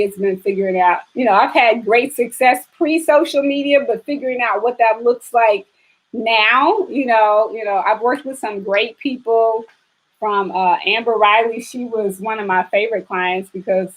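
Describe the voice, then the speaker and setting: Woman doing a laid-back live stream, kinda high voice, lots of um and you know, talks straight to viewers. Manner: chatty, reads and answers viewer comments, frequent fillers. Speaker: fitness trainer and live-stream host. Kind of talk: casual live-stream chat.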